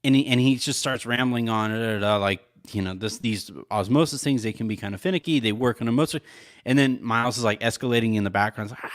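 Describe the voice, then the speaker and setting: A man in casual podcast chat, telling a story at a mid-range pitch. He rambles, fills gaps with "like" and laughs often. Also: fast. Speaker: podcast co-host.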